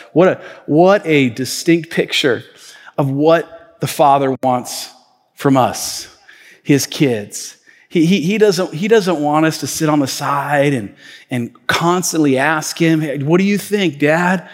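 A man preaching a sermon as pastor, telling stories casually with lots of fillers. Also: a little high. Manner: conversational storytelling with many fillers. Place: church auditorium. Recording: reverberant church hall.

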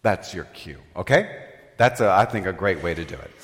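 A man's voice: low voice, animated, normal speed. An older man preaching in a humorous, self-mocking storytelling way, often laughing. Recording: reverberant hall.

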